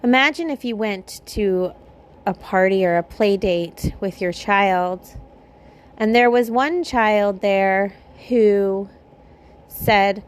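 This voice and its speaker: A woman's voice: mid-range voice, slow pace, clear, resonant tone. Woman, spiritual podcast host, mid-range voice, fired-up monologue with pointed rhetorical questions, blunt and a bit profane.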